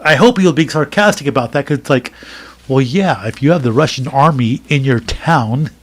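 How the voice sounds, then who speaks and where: A man's voice: medium pitch, normal speed. An American man co-hosting a podcast, talking casually and opinionatedly, with many fillers and restarts. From United States. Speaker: podcast co-host. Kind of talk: casual chat.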